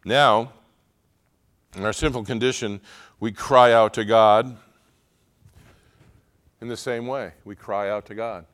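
A middle-aged male pastor preaching a sermon, earnest, moving between quiet confiding talk and loud, emotional pleading. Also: lowish voice, steady tone, slow, long pauses.

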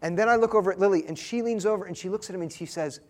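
A man in his thirties preaching a sermon, telling a story earnestly and pausing for emphasis. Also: sits high. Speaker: pastor.

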